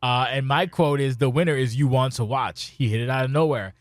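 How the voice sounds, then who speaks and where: A man hosting a casual podcast, talking in an excitable, profane, rambling way. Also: medium pitch, fairly quick, dry recording. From Spanish heritage. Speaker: podcast host.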